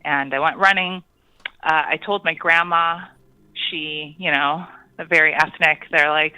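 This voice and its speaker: A caller telling a personal ghost story on a call-in show, hesitant, with many pauses and ums. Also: mid-range voice, steady tone, bright, forceful tone, smooth, dry recording, dull audio.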